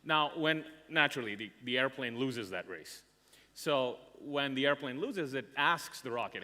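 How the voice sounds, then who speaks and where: A man giving a motivational conference talk as a career coach, telling stories dramatically with emphatic pauses. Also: medium pitch, animated, bright, forceful tone. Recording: reverberant hall.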